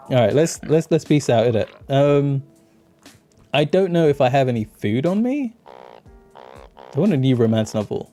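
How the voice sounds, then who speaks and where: A man's voice: medium pitch, very animated, a little slow, long pauses. A man streaming a detective video game, joking and laughing often while playing. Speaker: gaming streamer. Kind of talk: let's play commentary. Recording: soft music behind.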